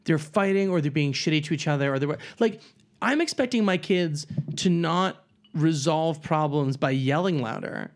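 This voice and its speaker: A man's voice: on the high side, normal speed. A man in his thirties, a father, chatting casually on a podcast with wry, self-mocking humor and some swearing. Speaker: podcast co-host. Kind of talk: casual chat.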